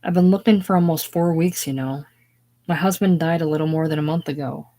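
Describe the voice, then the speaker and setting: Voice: medium pitch, a little fast, warm tone, natural voice. An older widowed seamstress speaks earnestly and at length, reminiscing as she sews, with a reader putting her on. The delivery stays close to a plain reading voice. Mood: hopeful. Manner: earnest, talkative, chatty reminiscing.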